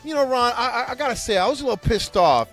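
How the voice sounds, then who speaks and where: A man's voice: very high voice, expressive, fast talker, fairly bright tone, soft background music. A man hosting a casual podcast, ranting in a rambling, profane way with frequent restarts. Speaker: podcast host.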